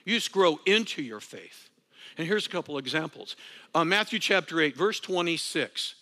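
Here a male pastor gives an energetic sermon at a normal pace, his pitch sitting a little high. He drops to gentle asides, climbs to forceful points, and sometimes laughs at himself.

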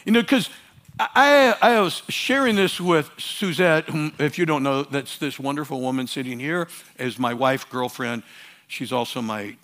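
High-pitched male pastor, emphatic sermon delivery with repeated phrases. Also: expressive, moderate pace. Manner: emphatic, swings between loud urging and quiet asides.

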